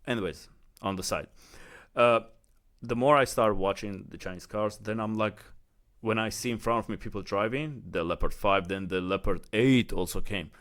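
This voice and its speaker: Chatty Emirati man with a lowish voice. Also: normal speed, fairly bright tone. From United Arab Emirates. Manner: heated, chatty, heavy use of "like" and "you know". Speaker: vlogger. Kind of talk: casual storytelling rant.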